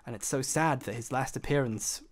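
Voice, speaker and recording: A man's voice: medium pitch, a little fast. A young man streaming games, chatting casually, reading chat aloud and laughing easily. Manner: excitable, laughs loudly, reads chat aloud.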